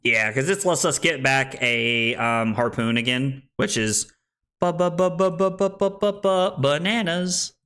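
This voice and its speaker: Bright-voiced joking young streamer man. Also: medium pitch, measured pace, hardly any pauses, clear, resonant tone. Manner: playful, self-deprecating, chatting with viewers while playing. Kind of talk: live card game stream commentary.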